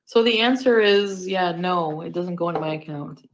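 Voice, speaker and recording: A woman's voice: on the low side, normal speed, slight background noise, poor audio. A woman on a livestream asking teasing questions and giggling in casual chat.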